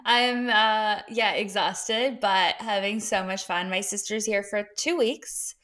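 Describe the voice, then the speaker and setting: A woman's voice: mid-range voice, slow pace, a bit bright. Chatty woman podcast co-host. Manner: chatty storyteller who laughs a lot. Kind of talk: casual chat. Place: dining room at home.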